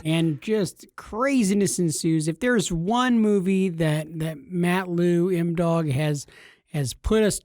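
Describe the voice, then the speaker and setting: A man with a fairly high voice co-hosts a casual podcast, joking and teasing as he talks. He sounds dry and close to the mic. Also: slow pace, darkish tone, no room sound. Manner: jokey, teasing. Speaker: podcast co-host. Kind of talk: casual chat.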